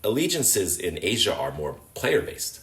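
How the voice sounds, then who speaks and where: A man with a very low American voice tells stories in a relaxed, chatty way, full of "like" and "you know". He acts out fans' shouts with a lot of energy. The room around him is echoey. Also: unhurried. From Los Angeles, USA. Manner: animated, acts out fans' shouts, many fillers. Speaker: guest, sports host and entertainer. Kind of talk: casual interview storytelling.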